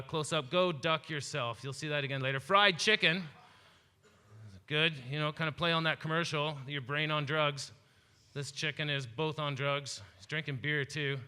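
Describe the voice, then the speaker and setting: A man's voice: fairly high pitch, sharp tone, smooth. A man from Canada giving a rambling, jokey talk about his glasswork, full of fillers. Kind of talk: casual comedic slideshow talk. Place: festival presentation hall. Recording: long hall reverb.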